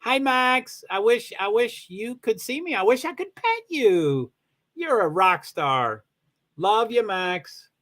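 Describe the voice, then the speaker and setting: A man's voice: very high voice, wildly swooping pitch, slow, pushed and bright, pitched above the performer's own voice, heavily acted. A man doing a big bewildered pet dog. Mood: bewildered, adoring. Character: big confused male pet dog, sweet-natured.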